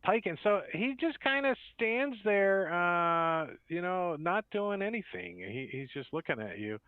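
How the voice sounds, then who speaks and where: A man's voice: sits high, big pitch swings, a little slow, clear, resonant tone, dry recording. A man running a tabletop game as game master, narrating scenes in a rambling, laid-back way. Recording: tinny, dry phone-like line.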